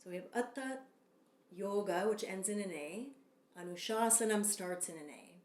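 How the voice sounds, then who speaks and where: A woman teaching a yoga sutra lesson, speaking calmly and measured, leading chants. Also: medium pitch, echoey room. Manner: calm, slow and measured, with long drawn-out chants. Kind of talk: Sanskrit sutra lesson with call-and-response chanting.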